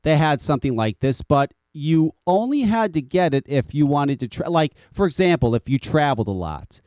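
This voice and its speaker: A man's voice: fairly high pitch, big pitch swings, normal speed, darkish tone, no echo, clean studio sound. An American man hosting a podcast, ranting casually with frequent swearing and repeated words. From United States. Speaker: podcast host.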